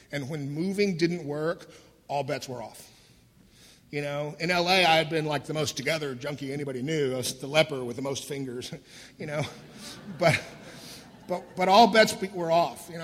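A middle-aged man candidly telling his own recovery story, wry and laughing through the dark parts. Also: a little high, husky. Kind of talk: personal storytelling talk. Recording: voice in a hall with long reverb.

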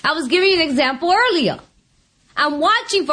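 A woman shares her own story at a recovery meeting, her high voice swooping up and down as she acts out what she said. She tells it like a lively storyteller, often laughing. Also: fairly quick. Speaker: speaker sharing at a recovery meeting. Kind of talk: personal testimony with anecdotes.

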